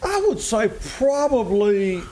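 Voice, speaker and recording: A man co-hosting a casual talk show, slow-talking and dry-witted. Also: high voice, sing-song, noisy background. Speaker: co-host. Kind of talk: casual studio chat.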